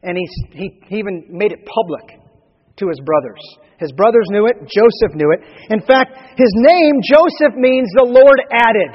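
A male preacher with a strikingly high voice tells stories from the pulpit, building to emphatic peaks and sinking to quiet, low asides. The sound is dull and muffled, with a long reverb trailing through a large hall. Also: normal speed. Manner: animated storytelling, rising emphatic for punchlines, dropping low and soft. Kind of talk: sermon.

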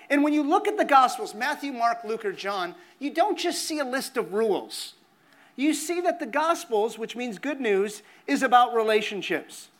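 A male pastor delivers a sermon in a notably high, bright voice. He talks to the congregation in an earnest, conversational way and hammers points home by repeating phrases.

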